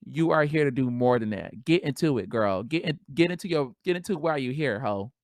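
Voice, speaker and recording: A woman hosting a podcast solo, talking in a casual, animated, slangy way and laughing often. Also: extremely low pitch, fairly quick, no room sound, clean studio sound. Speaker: podcast host.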